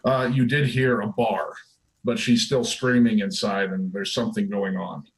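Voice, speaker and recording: A man's voice: fairly low pitch, steady tone, normal speed, poor audio. A man narrating as game master of a tabletop game, easygoing and chuckling between descriptions.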